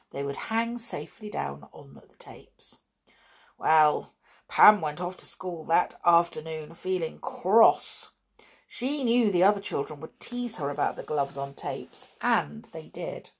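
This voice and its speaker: A woman reading a children's story aloud in an animated, expressive way, with a few fillers. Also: low-pitched, a little slow, slightly rough.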